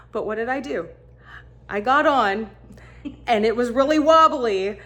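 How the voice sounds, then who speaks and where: A woman casually telling a funny travel story, animated and laughing as she acts out what people said. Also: fairly high pitch, takes it slowly, long pauses. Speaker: vlogger.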